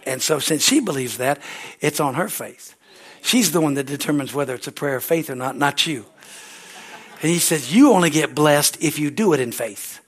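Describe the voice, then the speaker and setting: Male pastor, middle-aged, high tenor, animated sermon delivery. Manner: animated storytelling, voice swings from soft asides to high shouting.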